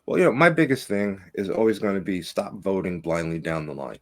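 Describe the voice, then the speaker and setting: A man, a candidate for local office, talking casually and emphatically in a podcast interview. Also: a little fast. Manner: animated, emphatic, rising pitch when making points. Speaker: political candidate, guest.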